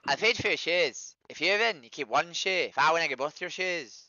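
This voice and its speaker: A hammy Irish-accented man proposing a bet, as a trans woman streamer puts him on. The accent is broad and openly bad, with a lively, swooping tone and a bright edge. The sound is dry and dull, like lo-fi stream audio. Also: low-pitched, brisk, no echo, voice pushed up. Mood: bantering. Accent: put-on Irish. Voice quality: exaggerated, admittedly bad accent. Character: mock-Irish man making a shoe bet.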